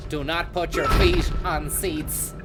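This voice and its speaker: A man putting on a stiff, slow robot voice for a blunt male robot that barks warnings. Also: a little high, flat delivery, over loud music. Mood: announcing.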